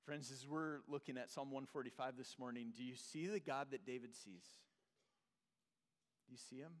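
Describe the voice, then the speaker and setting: A man preaching a sermon as pastor, earnest, repeating phrases and dropping to soft, low tones for emphasis. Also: moderate pace. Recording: long reverb of a large hall.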